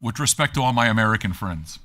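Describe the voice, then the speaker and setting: Brief: male stream host, profane and combative, mocking his chat; bright, tense edge, lively swoops in pitch, sits a little high. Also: fast talker. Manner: mocking, combative and crude, with laughing jabs. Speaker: DJ and livestream host. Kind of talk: profane rant at chat viewers.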